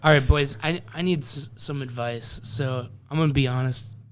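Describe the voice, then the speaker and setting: A young man telling a story on a podcast, swearing a lot and talking in an animated way. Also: medium pitch, moderate pace, smooth. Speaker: podcast co-host. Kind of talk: casual chat.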